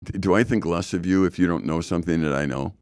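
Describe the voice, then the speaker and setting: Blunt middle-aged male podcast co-host, deep-voiced, dry close sound. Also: fast talker, darkish tone, dry recording. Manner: blunt, opinionated, stammers on restarts. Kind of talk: casual discussion.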